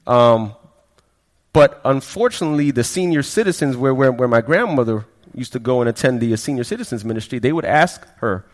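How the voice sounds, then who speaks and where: A man's voice: mid-range voice, animated, fairly quick. A man giving a sermon testimony, telling his story in a conversational way, often stammering over repeated words. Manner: conversational storytelling, frequent stammered repeats, quotes people in quieter voices. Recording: long hall reverb.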